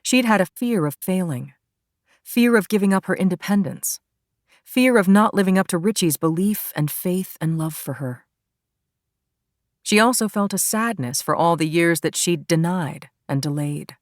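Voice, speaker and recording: A woman narrator with a notably low voice, reading an audiobook in a calm, even way. Her voice is recorded close to the mic and sounds dry, with no room echo. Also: normal speed. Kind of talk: scripted narration.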